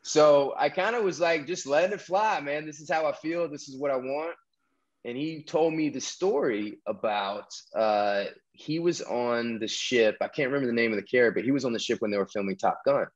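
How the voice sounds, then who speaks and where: A man's voice: mid-range voice, normal speed, dull audio. A man, telling a long story as a podcast guest, full of restarts and fillers. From American South. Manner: rambling, many restarts and fillers. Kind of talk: casual storytelling interview.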